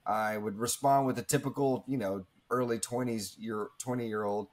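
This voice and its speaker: A man's voice: medium pitch, fairly even intonation, normal speed. A man in his thirties, telling a personal story in an interview in an earnest, reflective way, with many fillers and restarts. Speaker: guest speaker.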